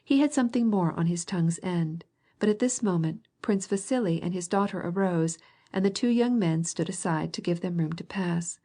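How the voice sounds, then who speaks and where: A woman reading a classic novel aloud as an audiobook narrator, in a measured way, gently voicing each character. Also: lowish voice.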